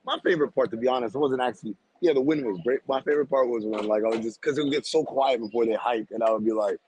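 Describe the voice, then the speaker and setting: A young man co-hosting a podcast, telling an animated story in casual chat and laughing often. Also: mid-range voice, rapid-fire, a little hiss or hum, poor audio. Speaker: podcast co-host.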